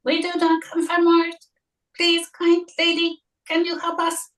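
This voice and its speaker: A squeaky robotic spaceman. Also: measured pace, distant mic. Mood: stiff, pleading. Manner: stiff, monotone and formal. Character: polite robotic alien spaceman.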